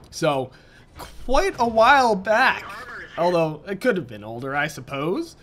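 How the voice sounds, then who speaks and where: High-voiced man casually commentating a game. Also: fairly bright tone, slight background noise. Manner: rambling, self-correcting, chatty. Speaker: gameplay commentator.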